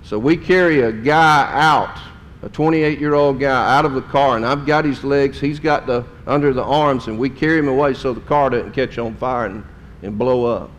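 A man's voice: mid-range voice, moderate pace, a little hiss or hum. A middle-aged man, a pastor telling a story in a sermon in a folksy, emotional way. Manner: folksy, emotional storytelling with drawled Southern phrases.

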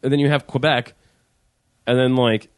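A man co-hosting a casual podcast, rambling loosely and cursing freely, with plenty of fillers and false starts. His voice sits at a middling pitch. The sound is dry and close. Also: fairly even intonation, moderate pace, smooth, no room sound. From United States. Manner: rambling, profane, many fillers and restarts. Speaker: podcast co-host. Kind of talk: casual chat.

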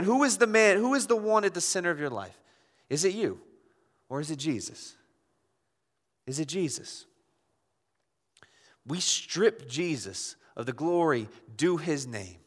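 A man's voice: fairly high pitch, fairly bright tone. A man pastor preaching an impassioned sermon, pressing his listeners with rhetorical questions. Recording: long hall reverb.

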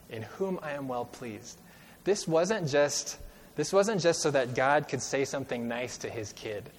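A male preacher giving a sermon, reading scripture slowly and with emphasis and quizzing his listeners as he goes. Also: on the high side. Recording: long reverb of a large hall.

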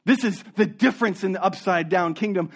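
A man preaching a sermon as a pastor, earnest, dropping low and soft for emphasis and often repeating words as he searches for them. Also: fairly quick.

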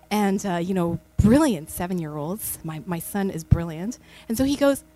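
A woman's voice: fairly low pitch, expressive, moderate pace, mellow, faint music behind. A woman in her thirties preaching a sermon in a church, speaking into a stage microphone in a chatty storytelling way with many fillers. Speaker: pastor.

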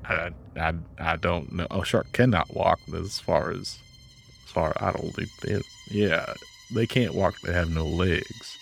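A man's voice: low voice, a little slow, vocal fry, slight background noise. A man playing a tabletop game, talking in a rambling, unsure way. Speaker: player. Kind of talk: casual tabletop game chat.

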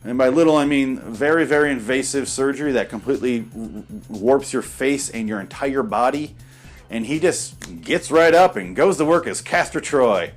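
A man's voice: mid-range voice, lively intonation, normal speed, faint music behind. A man giving casual, profane and sarcastic commentary on a movie while watching it.

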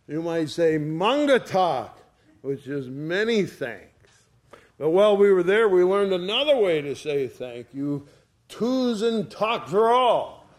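A male pastor delivering a sermon in a warm storytelling manner, leaning on homely anecdotes to carry his point. His voice sits a little higher than most men's. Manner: folksy storytelling.

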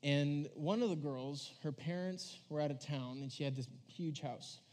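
A man's voice: on the high side, normal speed, a little mellow. Rambling young man preaching to youth. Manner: rambling, heavy use of "like", acts out quoted voices. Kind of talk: casual storytelling sermon.

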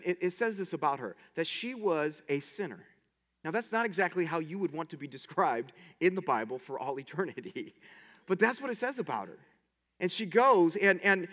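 Passionate high-voiced preacher man. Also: in a large hall. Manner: excited, passionate, many restarts. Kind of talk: sermon.

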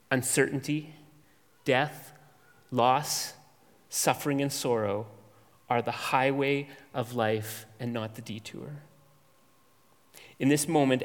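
Man preaching in a reverberant hall. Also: medium pitch. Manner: measured, emphatic preaching with dramatic pauses and lists. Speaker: pastor. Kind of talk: expository sermon.

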